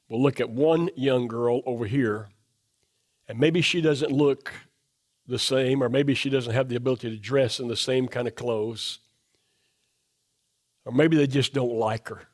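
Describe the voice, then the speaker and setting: A middle-aged man preaching a sermon in a church, asking the congregation question after question, his voice dropping low and soft to drive points home. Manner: emphatic, asks the congregation rhetorical questions. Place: church sanctuary.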